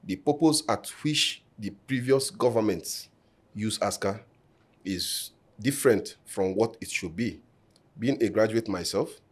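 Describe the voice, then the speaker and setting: A man with a low, deep voice speaks in a measured, formal way, pausing on fillers as he lays out his points. He sits in a podcast studio answering an interviewer. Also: slightly rough. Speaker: election candidate.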